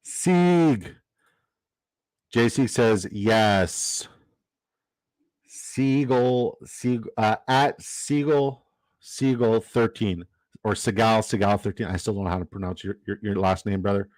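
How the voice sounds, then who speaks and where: A man's voice: fairly low pitch, takes it slowly, a little mellow, no room sound, low-quality recording. A man hosting a casual fantasy football draft stream, rambling with lots of fillers and reading chat comments aloud.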